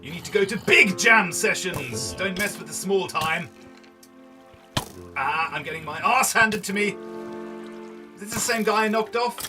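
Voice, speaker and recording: Man, early thirties, gaming host; high, lively voice, playful and chatty, a little off-mic with music underneath. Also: measured pace, pauses often. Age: early 30s. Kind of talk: let's play commentary. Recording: slightly distant mic, background music. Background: background music.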